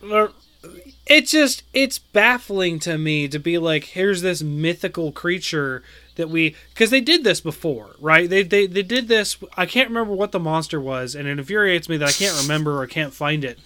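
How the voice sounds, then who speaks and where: A man's voice: a little high, expressive, moderate pace, pushed and bright, clean tone, no echo. A man in casual chat about a video game, ranting with exasperation.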